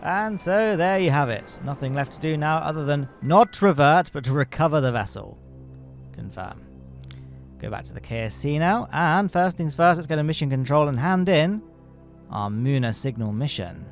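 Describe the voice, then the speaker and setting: A man's voice: fairly high pitch, lively intonation, normal speed, soft background music. A man in his thirties giving casual, wry let's-play commentary, explaining as he plays. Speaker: gaming YouTuber.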